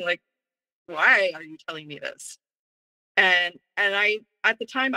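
A woman guest in an interview, telling a personal story in a lively way and acting out what others said. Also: lowish voice, rough recording. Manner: animated, acts out quoted dialogue.

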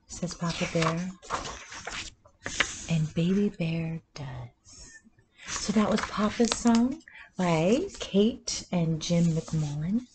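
Slow, soothing woman reading aloud. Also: on the low side, lively intonation, background noise. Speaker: storytime reader. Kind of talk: reading picture books aloud.

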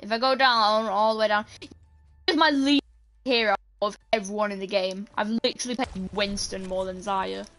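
A woman casually commenting on her own gameplay and talking excitedly to her teammates. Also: medium pitch, normal speed, soft background music. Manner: chatty, excitable, talks to teammates while playing. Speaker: gaming channel host.

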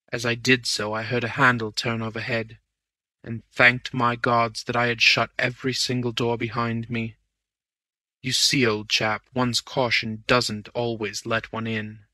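A man giving deliberate first-person audiobook narration. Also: mid-range voice, bright, forceful tone, no echo. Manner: measured, deliberate storytelling.

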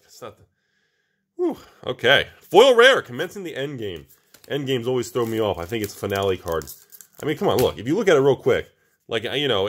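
A man hosting a casual vlog, joking and getting excited as he opens card packs, calling his viewers folks. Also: lowish voice. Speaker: channel host opening card packs.

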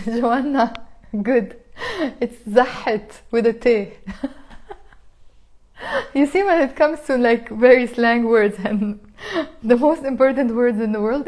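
A Lebanese woman teaching spoken Arabic in a live online lesson, reading out student comments, with frequent laughter and lively, expressive phrasing. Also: on the high side.

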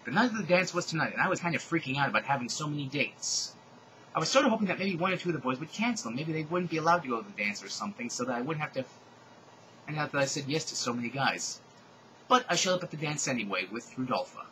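A man's voice: fairly high pitch, sing-song, fast talker, pushed and bright, a little hiss or hum, low-quality recording. A man hosting a comedic reading of fan fiction, with sardonic, exasperated asides.

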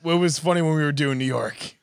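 A man co-hosting a podcast in casual chat, blunt and teasing and quick to laugh. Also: fairly high pitch, creaky, clean tone, no echo, studio quality. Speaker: podcast co-host.

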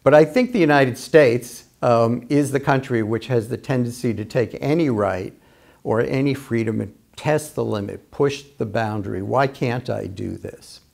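A male history professor as an interview guest, explaining ideas in a measured, lecturing way, laying out arguments point by point. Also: mid-range voice, gravelly, a little mellow. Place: UMass Amherst.

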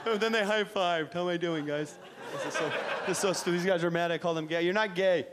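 A male comedian from Iran works a comedy club stage with a high voice and a lot of energy, teasing the front rows and swearing freely. Big crowd laughs roll in over a noisy room. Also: steady tone, quick pace. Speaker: stand-up comedian, host. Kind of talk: live stand-up comedy.

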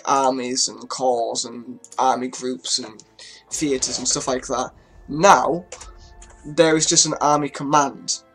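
Chatty man narrating strategy gameplay. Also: fairly high pitch. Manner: chatty, swears freely, talks to his units. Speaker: gaming YouTuber. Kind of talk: casual strategy-game commentary.

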